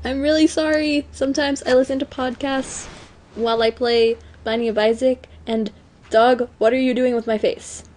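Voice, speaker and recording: A teenage girl at home giving chatty, self-mocking commentary on a video game, often apologizing and breaking into excited outbursts. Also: sits high, moderate pace. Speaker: let's play gamer. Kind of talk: casual gameplay commentary.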